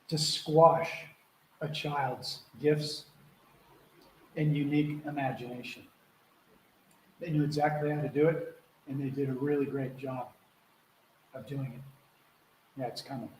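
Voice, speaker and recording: A man's voice: on the high side, fairly even intonation, takes it slowly, long pauses, a little mellow. A man hosting a live question-and-answer call as a spiritual mentor, talking casually and earnestly, acting out quotes and swearing freely over a video call. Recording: echoey room with faint background noise.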